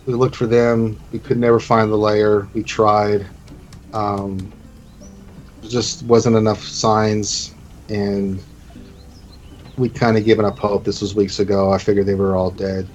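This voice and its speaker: A man voicing a burly middle-aged innkeeper and former knight, gruff but kind, who speaks slowly in old-fashioned, heartfelt phrases. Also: lowish voice, flat delivery, darkish tone, dull audio, close to an everyday voice. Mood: grieving.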